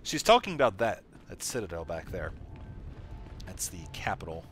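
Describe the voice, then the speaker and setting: A man's voice: sits low, big pitch swings, normal speed, fairly bright tone, soft background music. A man casually commenting while playing a video game, chatty and joking. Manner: chatty, joking, laughs often. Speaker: let's play host.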